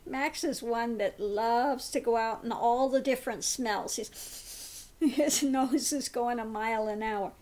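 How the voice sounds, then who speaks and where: A woman's voice: a little high, takes it slowly, a little mellow. A woman giving a spiritual tarot card reading in a meandering way, often laughing. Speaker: tarot reader.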